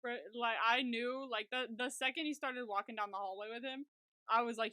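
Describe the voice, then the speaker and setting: A woman co-hosting a podcast, chatting casually about a series, blunt, quick to laugh and swear. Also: fairly high pitch, steady tone, sharp tone, clean tone, dry recording. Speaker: podcast co-host. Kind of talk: casual recap chat.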